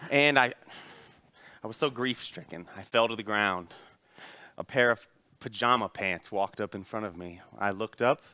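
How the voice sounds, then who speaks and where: A man's voice: fairly low pitch, normal speed, pauses often, pushed and bright, clear, resonant tone, no echo, pitched below the performer's own voice. A man playing a mock-solemn young butler.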